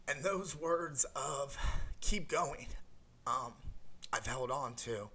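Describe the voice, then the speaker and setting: Bright-voiced man telling a personal story. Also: medium pitch, slow pace. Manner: rambling, many fillers and restarts. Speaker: guest sharing a recovery story. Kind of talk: emotional personal testimony.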